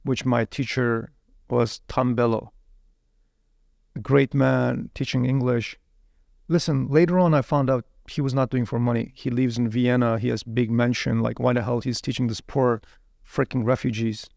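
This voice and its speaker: A man telling his life story as an interview guest, animated, often repeating words while he searches for the next one. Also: mid-range voice, normal speed, creaky, dry recording, studio quality. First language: Uyghur.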